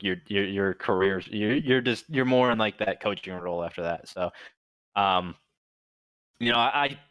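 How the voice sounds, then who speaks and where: Young male co-host, low voice, dry close sound, stumbling and repeating words. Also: fairly bright tone, no echo. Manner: hesitant, repeats words, lots of "like". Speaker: podcast co-host. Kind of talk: casual esports talk show chat.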